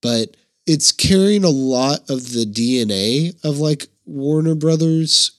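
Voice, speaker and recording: A man co-hosting a podcast, chatting casually and walking through background details at an easy pace. His voice sits a little high for a man. It is recorded close and dry, with almost no room sound. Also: slow pace, no room sound. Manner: relaxed, explains film background. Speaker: podcast co-host. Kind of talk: casual chat.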